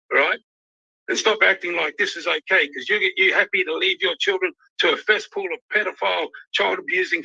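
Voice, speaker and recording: A man's voice: sits high, vocal fry, pushed and bright, husky. An angry, emotional Australian man ranting on a livestream, swearing constantly. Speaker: youth worker ranting on a livestream. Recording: dull lo-fi livestream audio.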